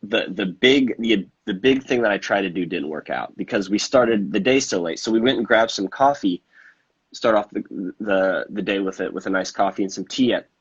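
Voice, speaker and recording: A man's voice: on the low side, moderate pace, slightly rough, dull audio. A man chatting casually about a trip, rambling and self-deprecating, often restarting his sentences. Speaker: podcast host. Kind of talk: casual chat.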